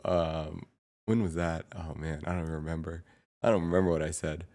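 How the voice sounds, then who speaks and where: A young man streaming from home, chatting casually in a rambling, halting way with lots of ums and laughs. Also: sits low, fairly even intonation, darkish tone. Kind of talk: casual chat reading chat.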